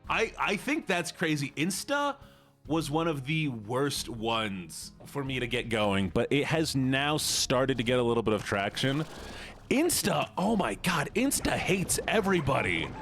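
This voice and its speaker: A chatty man with a Midwestern American accent, rambling through a casual stream. His pitch swings up and down a lot as he reacts to chat. Soft music plays faintly behind him. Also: big pitch swings, measured pace. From United States. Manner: chatty, rambling, laughs often, reads chat aloud. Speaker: VTuber streamer.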